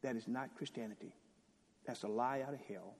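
With great passion, a man preaches a sermon, swinging between loud declamation and hushed, near-whispered lines while repeatedly posing rhetorical questions. His voice is mid-range and fairly quick, and a long hall reverb surrounds it.

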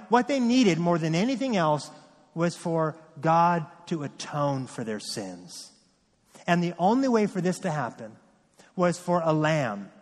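A man's voice: sits high, big-room sound. A man preaching a sermon as pastor, reading scripture and driving points home with earnest repetition.

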